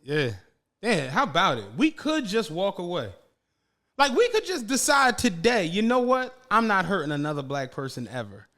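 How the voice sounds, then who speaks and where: A man's voice: high voice, moderate pace. A man co-hosting a podcast, talking casually with lots of swearing and acted-out quotes. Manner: animated, swearing, acts out quotes. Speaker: podcast co-host. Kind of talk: casual chat.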